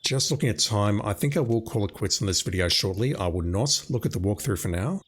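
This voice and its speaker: A man's voice: on the low side, expressive, fairly quick, slightly rough. A man giving casual commentary while playing a video game, thinking aloud as he goes. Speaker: let's play commentator.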